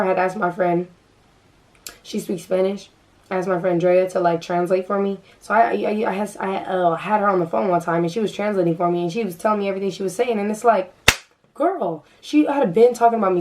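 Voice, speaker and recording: A young adult woman vlogger telling a casual storytime, animated and acting out the dialogue. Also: on the low side, far from the mic.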